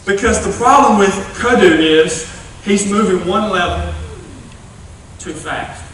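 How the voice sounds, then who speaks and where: A young man preaching a youth revival sermon, animated and folksy, with playful asides. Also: high-pitched, unhurried, a little hiss or hum. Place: church sanctuary. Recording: distant echoey church recording.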